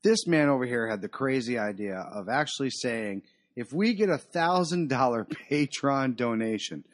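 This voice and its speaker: A man's voice: mid-range voice, expressive, moderate pace. A man co-hosting a casual podcast, rambling and correcting himself as he talks, with laughs at his own slips. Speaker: podcast co-host. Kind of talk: casual profane banter.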